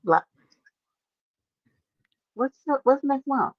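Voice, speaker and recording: A woman's voice: high-pitched, expressive, very slow, no echo, narrow, tinny audio. Brash teasing woman on a livestream. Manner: brash, teasing, swears freely. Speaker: livestream host. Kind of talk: casual livestream chat.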